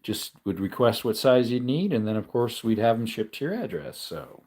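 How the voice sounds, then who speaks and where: A tired man hosts a casual livestream and talks loosely to his viewers. He rambles, stops, and corrects himself as he goes, with a yawning, low-energy manner. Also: moderate pace, husky. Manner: rambling, self-correcting, relaxed. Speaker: livestream host.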